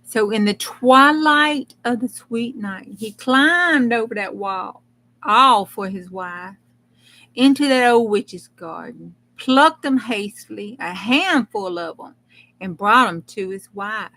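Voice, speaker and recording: A woman's voice: on the high side, lively intonation, takes it slowly, pushed and bright, rough recording. A woman hosting a crafting channel, reading a fairy tale aloud in a folksy way with chatty asides. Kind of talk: storytelling read-aloud with casual asides.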